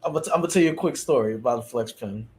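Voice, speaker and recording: A man's voice: medium pitch, racing, a little mellow. A man co-hosting a podcast, telling a funny jail story and mimicking the people in it. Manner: laughing, mimics voices in anecdotes. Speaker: podcast co-host, former corrections officer. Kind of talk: casual storytelling chat.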